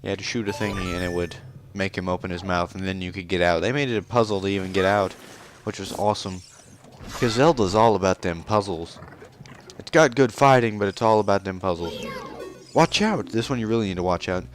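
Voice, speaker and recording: A man's voice: low voice, a little fast. A man hosting a let's play, giving casual, sarcastic and joking commentary on a video game. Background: video game music.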